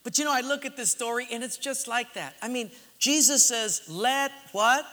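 A male pastor delivers a sermon in a strikingly high, bright voice. He tells stories with drama, pushing loud, then dropping to hushed asides. A long hall echo trails his words. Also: fairly quick. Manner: dramatic storytelling, swinging between loud and hushed. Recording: echoey hall reverb.

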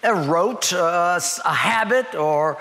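Bright, high-voiced preaching man. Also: lively intonation, slow, vocal fry, in a large hall. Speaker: pastor. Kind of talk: sermon. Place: church.

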